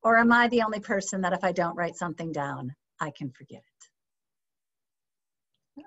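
A woman teaching a sales training session, lively and often checking in with her audience with questions. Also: on the low side, moderate pace. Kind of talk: training session on a video call. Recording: slightly dull lo-fi sound.

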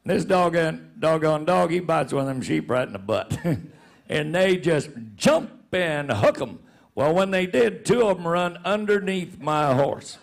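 This show regular, a rodeo announcer, spins a comic story in folksy style and laughs as he goes along. His slightly high voice is gravelly and unhurried, with lively intonation.

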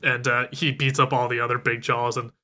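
A man's voice: medium pitch, flat delivery, a little fast, sharp tone. A man co-hosting a podcast, casually retelling a movie's plot and acting out the characters' lines. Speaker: podcast co-host recapping a film. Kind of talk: casual chat.

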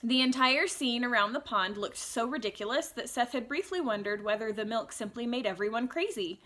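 A woman reading a fantasy novel aloud in a clear, even storytelling voice, now and then adding a casual aside to her listeners. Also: fairly high pitch, fairly quick. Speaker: audiobook reader.

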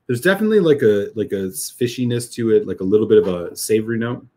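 Excited whisky-tasting man, low voice. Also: quick pace. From United States. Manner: enthusiastic, many filler "like"s and restarts. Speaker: whisky reviewer host. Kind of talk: casual live-stream tasting chat.

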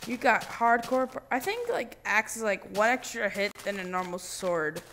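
A man hosting his own gaming channel, giving casual let's-play commentary with random, jokey, excitable banter. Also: high-pitched, moderate pace, slight background noise.

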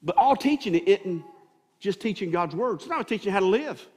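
A pastor preaches from the pulpit in a high, ringing voice, repeating and restarting phrases as he builds toward his point. His voice trails off into the long reverb of the church sanctuary around him. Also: lively intonation, normal speed, a little mellow, breathy edge. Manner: preaching with many restarts and rising emphasis. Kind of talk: sermon.

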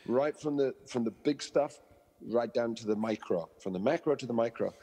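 A man's voice: mid-range voice, moderate pace, mellow, slightly rough, long reverb tail. A man, a dog trainer being interviewed, who explains through stories and analogies and acts out the people he quotes. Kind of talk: interview conversation.

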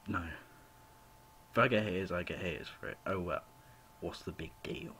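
Young guy ranting into his laptop mic at home, lowish voice, faint hiss behind. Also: moderate pace, long pauses, pushed and bright. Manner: rambling, apologetic, full of "you know" fillers. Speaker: vlogger. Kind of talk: rambling home video rant. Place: home room with a cat.

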